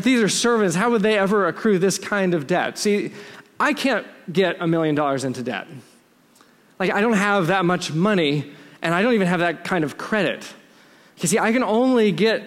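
A man with a slightly raised voice preaches a sermon, explaining the text conversationally and breaking into asides. His words ring out with a long reverb, as if spoken in a big hall. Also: on the high side. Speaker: pastor.

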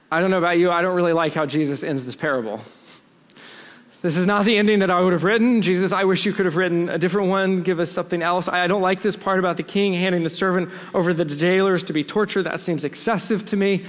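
A man's voice: high voice, fairly even intonation, quick pace, long reverb tail. A man preaching a sermon in a conversational, explanatory way with frequent asides. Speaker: pastor.

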